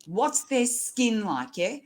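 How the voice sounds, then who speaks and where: A woman's voice: fairly high pitch, big pitch swings, takes it slowly. A woman in her sixties, a nurse educator speaking as an interview guest in a blunt, earthy way, often laughing as she tells stories. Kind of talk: casual interview chat.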